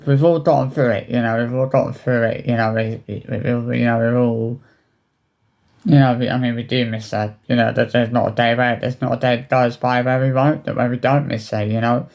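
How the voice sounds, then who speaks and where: A man telling a personal story to camera in a hesitant, halting way, often restarting his sentences. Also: mid-range voice, steady tone, gravelly, a little mellow. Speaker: vlogger.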